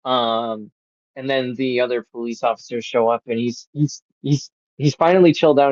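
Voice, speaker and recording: A man's voice: medium pitch, steady tone, moderate pace, a little mellow, no room sound, dull audio. A man hosting a podcast, reviewing a movie in casual chat, rambling with lots of fillers and swearing. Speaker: podcast host.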